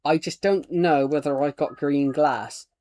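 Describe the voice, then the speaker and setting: A man's voice: a little high, measured pace, dark tone, dry recording, clean studio sound. A man chatting casually while streaming a game, rambling and chuckling at his own jokes. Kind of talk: casual gameplay chat.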